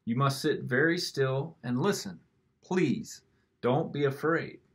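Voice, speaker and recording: A man voicing the calm, gentle divine voice of God in a storybook reading, measured and reassuring. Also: medium pitch, husky, full character voice. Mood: solemn.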